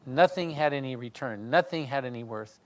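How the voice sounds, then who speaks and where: A man leading a Bible study, reading scripture aloud and then talking it through in a conversational way, often restarting and clearing his throat. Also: medium pitch, fairly quick. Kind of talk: reading scripture and discussing it in a small group.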